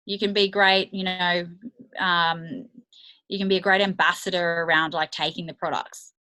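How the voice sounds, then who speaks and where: A woman's voice: lowish voice, little pitch movement, normal speed, bright, forceful tone, low-quality recording. A woman coaching her team on a video call, talking candidly and chattily with many fillers. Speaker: network marketing coach. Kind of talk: motivational team training call.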